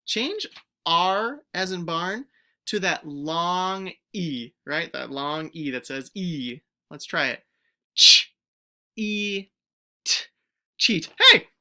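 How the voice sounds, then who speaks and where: A woman teacher giving a recorded phonics lesson to young pupils, stretching out each word sound clearly and encouraging the children to join in. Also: fairly low pitch, expressive, takes it slowly, sharp tone. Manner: encouraging, speaks directly to children.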